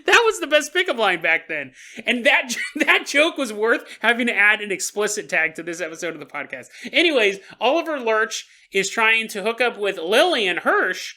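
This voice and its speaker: A man hosting a podcast who tells a strange story in a comic way. He laughs often and talks straight to the listener. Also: high voice. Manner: animated, laughing, jokes to the listener. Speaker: podcast host. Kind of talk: comedic paranormal storytelling.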